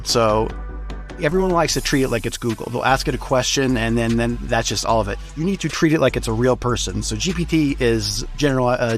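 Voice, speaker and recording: A man hosting a casual tutorial, explaining steps in a relaxed, plain-spoken way with frequent "uh" fillers. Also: medium pitch. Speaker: tutorial host. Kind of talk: casual screen-recorded tutorial.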